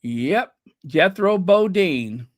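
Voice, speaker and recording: A gossipy livestream host talks slowly and unhurriedly, the pitch rising and falling a lot. The delivery is chatty and teasing, pausing to hunt for names. The sound is close and dry, with no room echo. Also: expressive. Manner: chatty, gossipy, teasing, laughs at own jokes; trails off searching for names. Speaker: channel host. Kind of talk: casual livestream chat.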